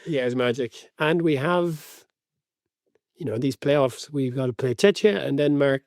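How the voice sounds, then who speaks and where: Mellow-voiced rambling man. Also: medium pitch, unhurried, dry recording, studio quality. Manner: chatty, rambling, self-amused. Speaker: podcast co-host. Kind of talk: casual chat.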